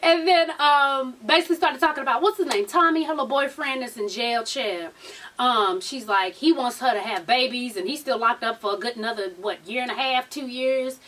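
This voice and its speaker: A woman's voice: high voice, brisk, fairly bright tone, recorded from a distance. A woman with a Southern US accent recapping a reality TV episode in a blunt, profane, sassy manner. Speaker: TV recap vlogger.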